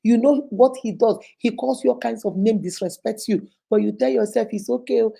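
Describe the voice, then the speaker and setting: A woman's voice: a little high, moderate pace, creaky, warm tone, husky. A woman with a Nigerian accent giving emphatic, repetitive motivational advice as the host of her own show.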